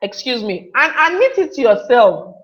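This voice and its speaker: A woman's voice: a little high, big pitch swings, moderate pace, rough recording. Chatty woman teaching online. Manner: chatty, reads out viewer comments. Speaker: webinar teacher. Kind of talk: live online class talk.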